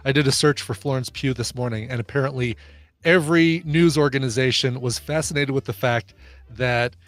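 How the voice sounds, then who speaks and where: A man's voice: mid-range voice, fairly quick, no echo. A man co-hosting a casual podcast, bantering and joking in a playful way. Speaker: podcast co-host. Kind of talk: casual chat.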